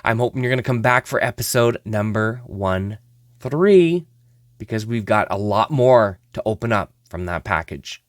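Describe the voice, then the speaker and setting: A man's voice: on the low side, expressive, moderate pace, no room sound, clean studio sound. A man hosting a hockey card opening show, chatting casually and exclaiming over each card, often laughing at himself.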